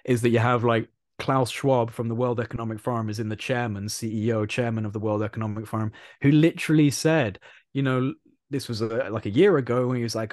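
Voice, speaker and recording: A British man talks through a podcast chat in a rambling, animated way, circling back to repeat his points. His voice sits at a middle pitch for a man. The sound is dry and close, with no room echo. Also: fairly quick. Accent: British English. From England. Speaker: podcast co-host. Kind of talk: casual political chat.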